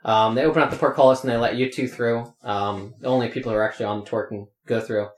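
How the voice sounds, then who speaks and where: A man's voice: mid-range voice, steady tone, fast talker. A man running a tabletop game as game master, rambling with many fillers. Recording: roomy echo.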